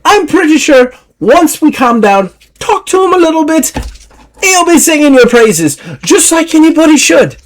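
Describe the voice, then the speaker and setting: A man doing a quick, brassy woman sailor, pitched well up from his own voice with a lively lilt. She scolds and covers for a friend in a tabletop adventure, her voice jumping around. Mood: fussing.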